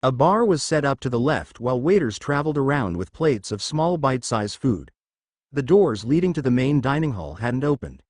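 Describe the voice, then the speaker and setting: Male narrator, lively pitch, dry close sound, fan-fiction reading. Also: normal speed, no room sound.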